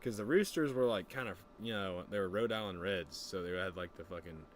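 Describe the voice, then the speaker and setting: Young male streamer, lowish voice, profane rambling storyteller, faint noise behind. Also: a little fast. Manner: rambling, profane, animated quoting. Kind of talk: casual storytelling chat.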